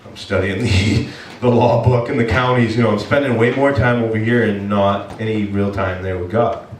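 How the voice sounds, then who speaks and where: Male pastor storytelling, lively and self-mocking, sounds kinda far off in a roomy echoey church. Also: fairly low pitch, normal speed, slight background noise. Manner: animated, self-mocking, acts out his own complaints. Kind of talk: storytelling sermon. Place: church hall.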